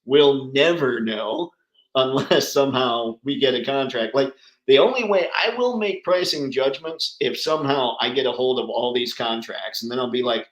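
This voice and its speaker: A man's voice: medium pitch, moderate pace, reverberant, low-quality recording. A man hosting a casual livestream chat, talking enthusiastically and answering viewers by name. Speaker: livestream host.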